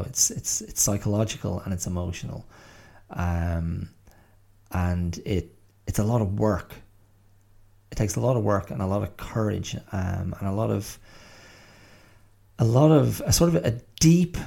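A middle-aged man talks through his thoughts alone on a podcast, circling back and restarting as he goes. His voice sits low and dark with a gravelly, husky edge. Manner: thoughtful, hesitant, many restarts and fillers. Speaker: podcast host. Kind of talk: reflective solo monologue.

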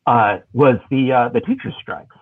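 Husky man on a tinny phone line. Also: medium pitch, normal speed, no room sound. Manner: thoughtful, hesitant, many fillers and restarts. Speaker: guest. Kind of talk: political interview.

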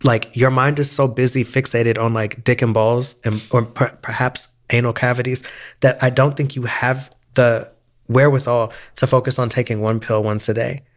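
A man co-hosting a chatty podcast, voice pitched right in the middle of the male range. He talks in a campy, opinionated way and drops deadpan asides. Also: moderate pace, a little hiss or hum. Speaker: podcast co-host. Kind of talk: casual chat.

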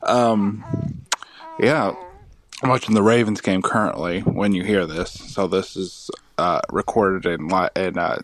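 Slow, rambling male caller. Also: low voice, fairly even intonation, slight background noise. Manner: rambling, halting, with frequent filler words. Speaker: caller leaving a voicemail. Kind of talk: casual voicemail message.

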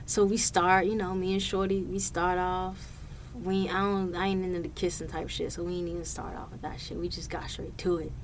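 Profane, animated woman podcast host. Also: lowish voice, a little fast, a little hiss or hum. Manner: profane, animated, laughs a lot. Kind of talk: casual solo podcast storytelling.

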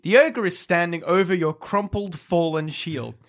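A man running a tabletop game as game master, narrating the fight in quick bursts and laughing at his own descriptions. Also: high-pitched, a bit bright.

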